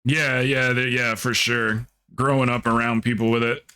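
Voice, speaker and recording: A man from the American South with a mild Southern accent, telling stories in a relaxed, rambling way during a casual stream chat. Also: mid-range voice, normal speed, clean tone.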